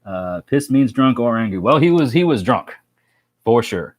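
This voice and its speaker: Hosting a laid-back live stream, this man has a medium-pitched voice with lively intonation at a normal pace. His storytelling meanders and he reads viewer comments, constantly using fillers and starting over.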